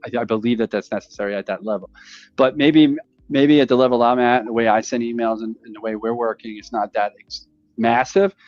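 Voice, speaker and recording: A man in casual podcast conversation, talking in a rambling, animated way and acting out phone calls. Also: mid-range voice, brisk, no room sound, lo-fi sound. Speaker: podcast host.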